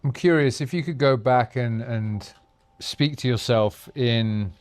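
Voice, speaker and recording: A man's voice: medium pitch, measured pace, a little mellow. A man hosting a podcast interview in a casual way, teasing and encouraging his guest. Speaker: podcast host.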